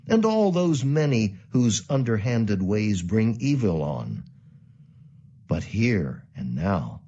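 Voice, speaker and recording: Audiobook: male reader voicing a wary loyal queen, dark lively lilt, solemn. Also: lowish voice, husky, exaggerated voice. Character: wary faithful queen, grown-up woman, guarded. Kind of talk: audiobook reading of an epic poem. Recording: muffled roomy audio.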